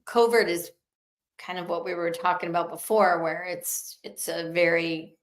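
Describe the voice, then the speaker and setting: A woman's voice: on the low side, fairly even intonation, normal speed, reverberant. A woman co-hosting a talk show, clarifying points in a conversational way. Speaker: podcast co-host.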